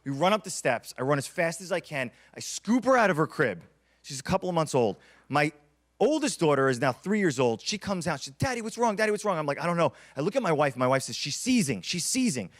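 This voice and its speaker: A man in his thirties delivers a motivational keynote in a conference room, his voice a touch high and swinging widely in pitch. He tells stories with dramatic emphasis and repeats his key lines. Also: big pitch swings, fairly quick. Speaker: keynote speaker.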